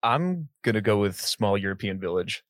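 A man's voice: on the low side, expressive, moderate pace, fairly bright tone, no room sound. A man joining a casual group game, making dry jokes. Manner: dry joking. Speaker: panel guest.

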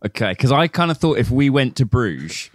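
A man's voice: medium pitch, sing-song, moderate pace, no room sound, studio quality. A young man co-hosting a casual film chat, laughing often and swearing freely. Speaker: podcast co-host.

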